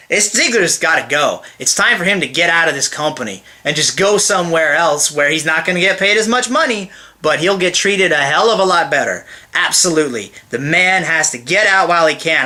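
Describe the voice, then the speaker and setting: Man, high voice, tense edge, heated profane rant, exasperated. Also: bright, forceful tone. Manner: heated, swears constantly, exasperated. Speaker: wrestling event reviewer. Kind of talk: profane ranting review.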